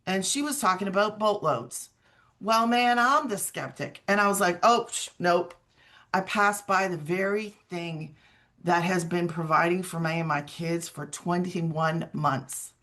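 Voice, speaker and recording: A woman's voice: fairly low pitch, a little slow, bright, forceful tone. A middle-aged woman giving an earnest, conversational personal testimony as a guest, often quoting her own past words. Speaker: guest sharing her story.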